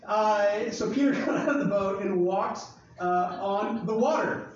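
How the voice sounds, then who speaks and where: A pastor delivers a casual sermon to a live audience, joking and acting out Bible scenes in a highish, unhurried voice. The audio sounds dull and far-off in an echoey hall, with a little hiss or hum.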